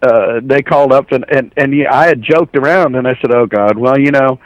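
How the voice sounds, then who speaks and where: A man's voice: mid-range voice, brisk, no echo, muffled recording. A middle-aged man from Ohio, a voice actor telling stories in a casual interview and acting out the voices in them. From Ohio, USA. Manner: animated anecdotes, acts out quoted voices. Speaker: voice actor, guest.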